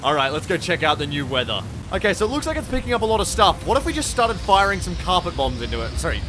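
Excitable Australian man narrating gameplay. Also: high voice, fast talker, few pauses, a little hiss or hum. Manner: excitable, swearing, laughing at chaos. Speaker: gaming YouTuber. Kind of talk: live gameplay commentary.

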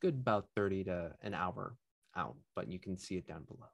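A man narrating as game master in a tabletop game, with a relaxed, rambling way of talking. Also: sits low, fairly quick, lo-fi sound.

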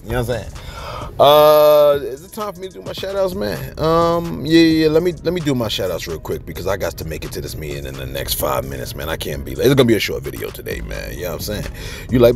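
A man hosting casual celebrity news commentary, chatty and animated, often breaking in to ask "you know what I'm saying.". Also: a little high, brisk, soft background music.

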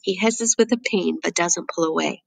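Woman, audiobook narrator, measured, even delivery. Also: lowish voice, gravelly, dry recording, low-quality recording. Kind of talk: first-person novel reading.

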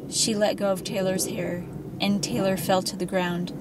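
A woman's voice: mid-range voice, little pitch movement, moderate pace, noisy background. A woman reading a novel chapter aloud, with chatty asides to her listeners. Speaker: reader.

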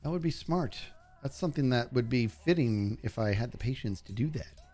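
A man's voice: mid-range voice, expressive, normal speed, mellow, soft background music. A man streaming a game live, chatting casually to his viewers and to the animals on screen. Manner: chatty, talks to animals and chat. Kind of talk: live gameplay commentary.

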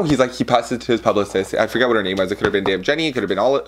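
Fast-talking excited young man storytelling. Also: fairly low pitch. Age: 20s. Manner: animated, rambling, with playful slang and swearing. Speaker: vlogger.

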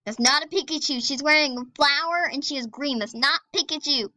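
Young female gaming host, chatty and excitable, crisp bright tone, dry close mic. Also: high voice, brisk, no room sound. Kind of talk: casual gameplay commentary.

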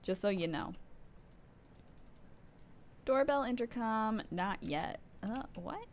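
A woman streamer talks through a game live, her voice higher than most and swinging widely in pitch. She rambles, mocks herself and chats with her viewers. A faint hiss sits under her voice. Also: expressive, slow, creaky. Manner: rambling, self-mocking, chatting to viewers; startled outbursts. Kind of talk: casual live gameplay commentary.

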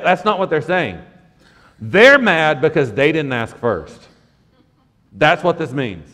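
Conversational preacher in a reverberant church. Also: male voice, a little high, slow, long pauses. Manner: conversational, lively preaching with asides. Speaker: pastor. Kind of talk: sermon. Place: church sanctuary.

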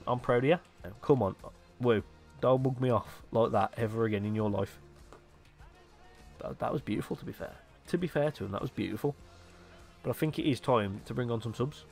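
A young man giving excitable live commentary on his own football video game match, dropping to low mutters between sudden loud outbursts. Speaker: gaming YouTuber.

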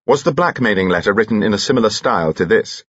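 A man voicing a calm, formal police inspector who questions in a quiet, matter-of-fact way in an audiobook. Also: lowish voice, quick pace, slightly rough, dry recording, dull audio, voice pushed up.

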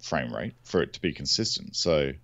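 A man co-hosting a podcast, with a deep voice whose pitch moves around a lot. He mostly agrees with short replies and chips in brief remarks. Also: sing-song, moderate pace, gravelly, fairly bright tone, lo-fi sound. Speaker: podcast co-host. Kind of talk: casual chat.

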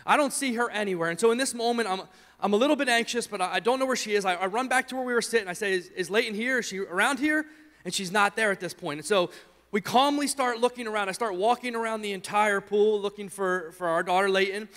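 A man in his thirties, a pastor, telling a story in a sermon, animated and often repeating words as he gets caught up in it. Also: high voice, fast. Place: church sanctuary. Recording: long reverb of a church hall.

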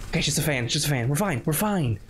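A man's voice: on the high side, expressive, very fast, a little hiss or hum. A man on a YouTube channel giving nervous, chatty running commentary while playing a horror game. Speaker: YouTube gamer.

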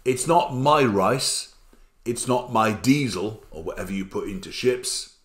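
A man's voice: fairly low pitch, unhurried. An older man giving a recorded exam revision lecture in a chatty way, often asking rhetorical tag questions. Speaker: accountancy exam tutor.

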